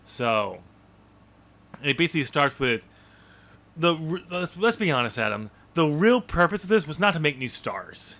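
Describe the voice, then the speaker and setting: Guy cohosting a wrestling podcast, bright voice, dry jokes, laughs a lot. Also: on the high side, sing-song, normal speed. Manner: dry, laughs often, steers the talk. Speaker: podcast co-host. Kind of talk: casual wrestling podcast chat.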